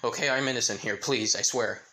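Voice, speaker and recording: A man's voice: mid-range voice, brisk, bright, forceful tone. A man voicing a flustered young male hero who stammers and pleads. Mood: pleading.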